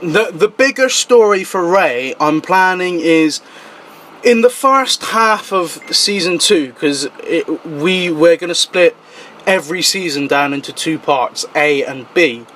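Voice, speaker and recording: A man's voice: fairly high pitch, animated, unhurried, a bit bright, a little hiss or hum, low-quality recording. A man hosting a talk show in casual chat, joking around, swearing freely and laughing often.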